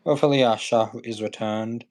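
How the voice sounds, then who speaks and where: A man's voice: medium pitch, fairly even intonation, fairly quick, darkish tone. A man from Iran, a guest on a livestream, talking in a blunt, joking way with many fillers. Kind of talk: casual livestream chat.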